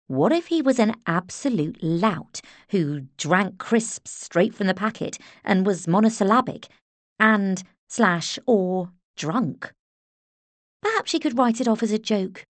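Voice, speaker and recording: A woman narrating an audiobook in a measured, expressive storytelling manner. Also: mid-range voice, no room sound. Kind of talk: scripted narration.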